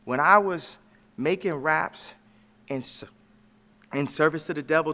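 A man's voice: fairly high pitch, measured pace, pauses often, pushed and bright, in a large hall, muffled recording. A man speaking as an interview guest in a slangy, emphatic, preachy way. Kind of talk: impassioned preachy talk.

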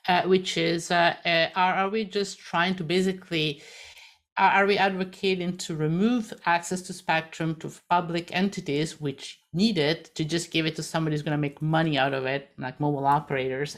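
Woman panel moderator, low-set voice, halting and filler-heavy, webinar tone. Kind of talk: live webinar discussion.

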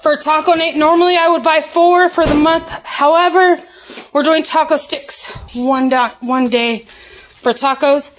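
A woman's voice: high-pitched, steady tone, a little slow, rough recording. A woman vlogging a casual grocery haul at home, chatting as she lists each item one after another. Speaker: mom vlogger.

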